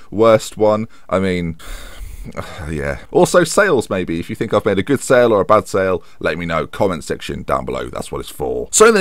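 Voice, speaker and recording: A man commentates his football management game in a loose, chatty way, tossing in jokes and self-deprecating asides. His fairly low voice swings widely in pitch as he reacts. The sound is dry and close. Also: a bit bright, no room sound. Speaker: gaming YouTuber.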